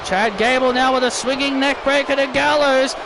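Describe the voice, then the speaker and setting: A man doing excitable play-by-play wrestling commentary over a video game, repeating himself and bursting into shouts. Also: very high-pitched, normal speed, crowd noise, background noise.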